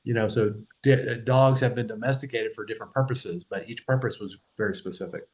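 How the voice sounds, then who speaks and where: A man's voice: lowish voice, fairly quick, low-quality recording. A man in casual explanatory podcast talk, loose and conversational, swearing, laughing and often checking in with "right?". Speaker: podcast host.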